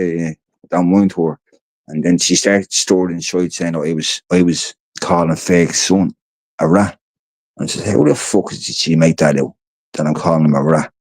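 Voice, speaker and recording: A tired Irishman hosts a livestream from indoors at home, telling loose, rambling stories while swearing freely and repeating himself. His voice is low and a little mellow, with no room sound.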